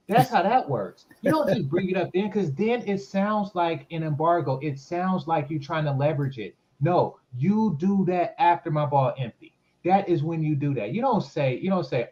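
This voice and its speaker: A man's voice: a little high, lively intonation, normal speed, dark tone, highs cut off. A man debating crudely and bluntly, in mock outrage, as co-host of a talk show.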